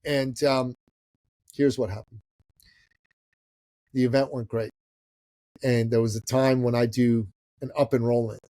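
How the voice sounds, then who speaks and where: A man's voice: medium pitch, a little slow, pauses often, no room sound. A middle-aged man from Iran telling a story in a podcast interview, acting out the people in it. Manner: animated storyteller who acts out the people in his stories. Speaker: guest entrepreneur.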